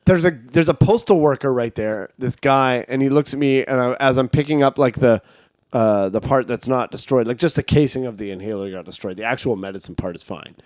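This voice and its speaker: A man, co-hosting a comedy podcast and telling a story in a lively, profane, self-mocking way. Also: mid-range voice, brisk, no echo, studio quality. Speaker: podcast co-host.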